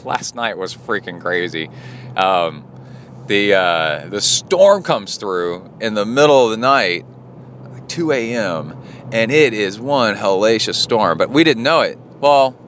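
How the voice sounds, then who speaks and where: A man with a somewhat low voice hosts a triathlon podcast as a casual spoken diary. He rambles along with plenty of fillers and restarts. Faint traffic noise hums underneath. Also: fairly bright tone. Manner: rambling, chatty, many fillers.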